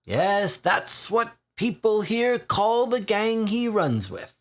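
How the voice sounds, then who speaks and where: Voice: medium pitch, big pitch swings, slow pace, pitched above the performer's own voice. A board game player voicing a spindly, drably dressed older pub regular who rambles in a friendly way. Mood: rambling, friendly.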